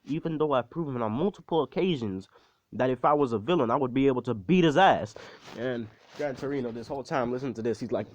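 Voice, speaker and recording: A man's voice: medium pitch, fast, no room sound. A young man retelling a story in a casual, rambling, profane way, full of slang and self-deprecating asides. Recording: dull, dry close recording.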